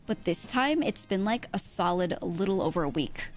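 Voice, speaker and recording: A woman's voice: lowish voice, lively intonation, moderate pace, soft background music. A woman streamer in casual chat, giggly and full of fillers, her voice strained and irritated. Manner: chatty, giggly, lots of fillers.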